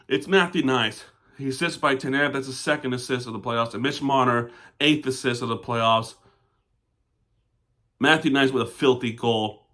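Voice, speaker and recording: A man's voice: medium pitch, normal speed, pushed and bright. A man recapping a hockey game as a devoted fan, talking casually about the plays and turning to angry, swearing rants at the referees. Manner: fan of the team, says "we" and "our". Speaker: sports fan recap vlogger.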